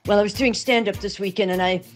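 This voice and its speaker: An older woman from Texas, an actress telling lively anecdotes in an interview and acting out the people she quotes. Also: mid-range voice, fast, soft background music. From Texas, USA. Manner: animated anecdotes with quoted voices. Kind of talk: interview storytelling.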